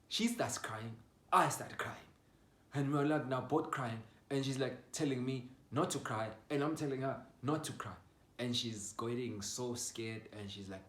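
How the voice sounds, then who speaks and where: A young man tells a personal story in a casual, animated way, jumping between loud bursts and quiet mutters. His voice sits in an ordinary middle pitch. The recording carries a roomy echo. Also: slight background noise. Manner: animated, swings from loud outbursts to low mutters, swears freely.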